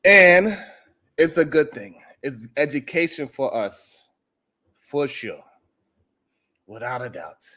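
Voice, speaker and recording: High-voiced joking male stream host. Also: sing-song, takes it slowly, long pauses, bright, forceful tone. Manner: joking, boastful, laughs often. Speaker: livestream show host. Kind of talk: casual livestream monologue.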